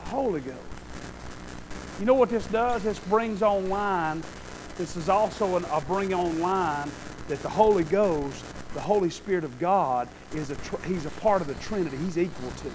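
A man preaching a sermon in a folksy, animated way, often asking the congregation "Amen?" and swinging from quiet asides to loud bursts. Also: sits high, moderate pace, noisy background.

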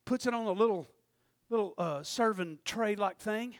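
A male preacher, giving an animated sermon, often shouting and acting out his own prayers. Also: sits high, normal speed, dry recording, clean studio sound.

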